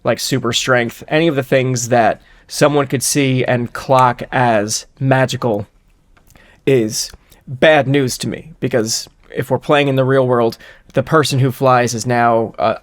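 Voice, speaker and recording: A man's voice: medium pitch, steady tone, measured pace. A man co-hosting a podcast, reasoning through a hypothetical in casual, rambling chat with a wry edge. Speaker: podcast co-host.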